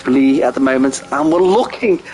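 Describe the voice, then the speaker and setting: A man giving casual live sim racing commentary, excitable and jokey, often laughing at his own crude remarks. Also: mid-range voice, moderate pace, poor audio. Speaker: race commentator.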